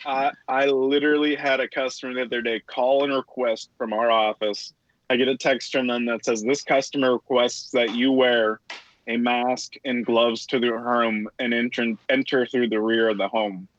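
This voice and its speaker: A man's voice: medium pitch, steady tone, normal speed, muffled recording. A man co-hosting a podcast, a plumber telling profane stories in casual chat and acting out his customers. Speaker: podcast co-host.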